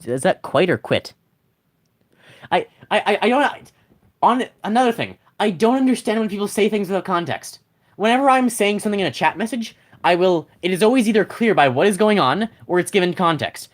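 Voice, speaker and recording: Reading chat messages aloud, a game streamer rambles loosely and keeps restarting sentences, speaking fairly quickly. Her pitch, or his, swings widely and animatedly with lively intonation through every thought, in casual live-stream chatter picked up by what sounds like a plain desk mic.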